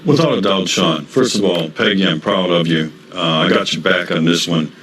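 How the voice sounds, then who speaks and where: A man's voice: low-pitched, normal speed, a bit bright, husky, poor audio. A man speaking as a county sheriff and interview guest, assertive and declarative.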